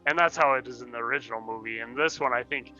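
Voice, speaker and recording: A candid, opinionated man in casual film talk, his voice bright and fairly high. The audio is a little dull and lo-fi, with faint music underneath. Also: quick pace. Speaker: podcast co-host. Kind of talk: casual movie discussion.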